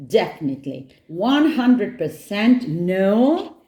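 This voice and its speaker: A woman's voice: mid-range voice, very animated, slow pace, mellow, reverberant, voice pushed up. A woman voicing a stubborn, doubting little girl in a storybook, insistent and exasperated.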